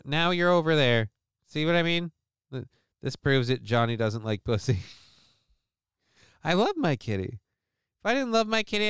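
A man's voice: fairly high pitch, a bit bright, clear, resonant tone, no room sound. Guy hosting a stream, super clean voice, dead dry sound, swears and rambles, sarcastic. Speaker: live stream show host. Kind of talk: casual live-stream commentary reading news.

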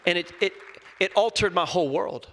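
Young guy preaching in a church, bright tense voice, long echoey hall sound. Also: high voice, fairly quick. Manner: earnest, shifts between loud emphasis and soft scripture reading. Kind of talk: sermon. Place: church sanctuary. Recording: long reverb of a large hall.

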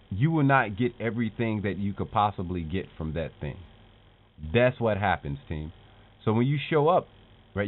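A man hosting a show, giving a casual motivational talk to his viewers, calling them "team" and asking "right?" as he talks. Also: medium pitch. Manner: animated, calls his audience "team", keeps asking "right?". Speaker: show host. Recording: tinny phone-like lo-fi sound.

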